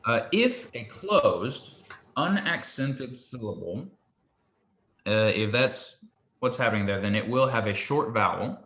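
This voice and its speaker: Guy tutoring hebrew one on one, patient, lowish bright voice, echoey room. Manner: patient, explains slowly and checks understanding. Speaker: Hebrew teacher.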